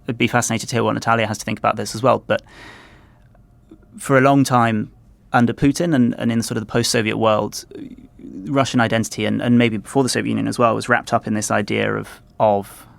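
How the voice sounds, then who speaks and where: A man with a low, gravelly voice and a flat, even delivery gives conversational podcast analysis. He reasons out loud, pausing and restarting often as he builds his point. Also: no echo. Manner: thoughtful, hesitant with many restarts. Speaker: podcast contributor.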